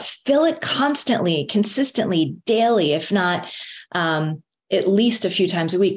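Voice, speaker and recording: A middle-aged woman telling a personal story in an earnest, motivational way, with lively emphasis. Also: mid-range voice. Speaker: wellness speaker. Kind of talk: motivational talk.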